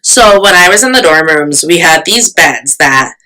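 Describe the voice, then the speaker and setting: A woman's voice: sits low, expressive, normal speed, pushed and bright, low-quality recording. A young woman vlogger telling a storytime in casual, chatty talk, full of fillers and self-mocking asides.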